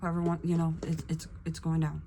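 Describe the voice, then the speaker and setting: A young woman vlogger chatting casually while getting ready, acting out quotes with sudden whispers and high bursts. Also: completely flat delivery, a little fast, dark tone, a little hiss or hum. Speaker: beauty vlogger.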